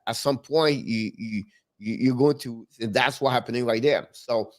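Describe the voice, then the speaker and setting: Man with halting phrasing. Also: medium pitch. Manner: halting, restarts phrases, non-native grammar. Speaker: hockey show co-host. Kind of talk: casual sports talk.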